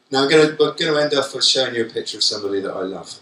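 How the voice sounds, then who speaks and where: A man giving a conference keynote talk, lively and joking, quizzing the audience directly. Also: mid-range voice, quick pace, pauses often. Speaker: keynote speaker. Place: conference hall at a college. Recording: echoey hall from far off.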